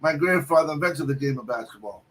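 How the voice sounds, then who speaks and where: A man voicing a kindly older man in a retold story, lifting his voice into a higher, lilting tone. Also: animated, quick pace, fairly bright tone, far from the mic. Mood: friendly. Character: kindly older man greeting a young cook.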